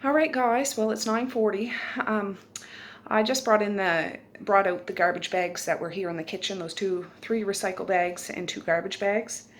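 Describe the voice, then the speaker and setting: A middle-aged vlogger and mother narrates her day in a chatty, down-to-earth way, speaking right to her audience from home and her car in Nova Scotia. She films on a handheld phone, and her medium-pitched voice is steady and moderately paced, with slight background noise.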